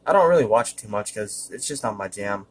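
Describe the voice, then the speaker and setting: Husky-voiced man rambling casually. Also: fairly low pitch, animated, quick pace. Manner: rambling and hesitant, many fillers; frequent throat-clearing. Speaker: vlogger. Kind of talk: casual monologue.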